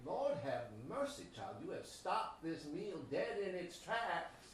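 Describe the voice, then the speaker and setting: An actor on stage playing a gruff, blunt father with a Southern accent. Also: high voice, very animated, takes it slowly, a little hiss or hum, exaggerated voice. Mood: dry. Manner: blunt, dry. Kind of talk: stage play acting. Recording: echoey theater from far off.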